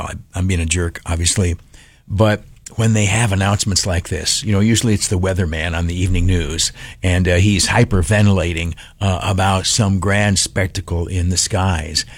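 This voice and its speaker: A man's voice: low voice, dry recording. A man hosting a talk radio show, telling a rambling, sarcastic, self-mocking story full of fillers and restarts. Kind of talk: rambling comic monologue. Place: radio studio. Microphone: studio mic.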